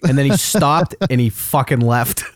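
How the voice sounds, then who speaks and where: Profane, animated male storyteller, dry sound. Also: medium pitch, dry recording. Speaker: podcast co-host telling a story. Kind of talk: casual chat.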